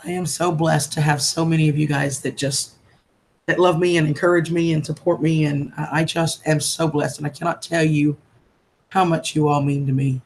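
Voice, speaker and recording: A woman's voice: low voice, fairly even intonation, normal speed. A woman chatting on a live stream, greeting viewers as darling and sweetheart in a chatty, heartfelt way. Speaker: livestreamer. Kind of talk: casual live-stream chat.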